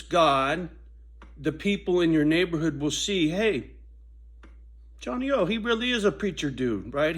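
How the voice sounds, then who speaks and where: A man in a profane casual monologue, swinging from a loud, preachy rant to low muttering. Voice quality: swears constantly, preachy and intense. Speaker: vlogger.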